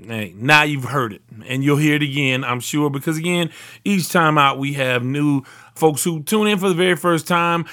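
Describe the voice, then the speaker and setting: Chatty middle-aged sports podcast host, fairly high voice. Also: male voice, fairly bright tone. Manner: rambling, conversational, lots of asides. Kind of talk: solo sports talk podcast monologue. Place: recorded in Houston, Texas.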